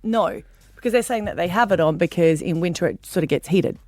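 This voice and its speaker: A woman's voice: lowish voice, no room sound, faint music behind. A woman co-hosting a radio show, chatting casually and expressively. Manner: chatty, expressive, quick laughs. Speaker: radio co-host. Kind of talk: casual chat. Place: radio studio. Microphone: studio microphone.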